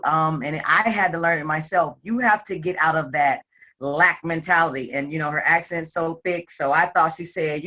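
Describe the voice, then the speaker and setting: A self-employed woman telling a group her personal story with animated, playful delivery and acted-out quotes. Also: low voice, moderate pace. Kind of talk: candid personal testimony to a group.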